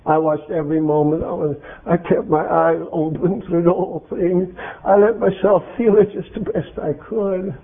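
A man's voice: high-pitched, fairly even intonation, moderate pace, few pauses. A man preaching an interactive sermon, speaking emphatically and quizzing his congregation with questions. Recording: tinny phone-like lo-fi recording.

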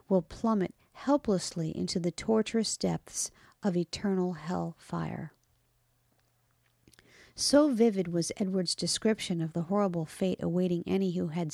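A woman giving a scripted devotional reading in a measured, earnest and solemn way. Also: lowish voice, gravelly, warm tone, no echo, clean studio sound. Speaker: devotional reader.

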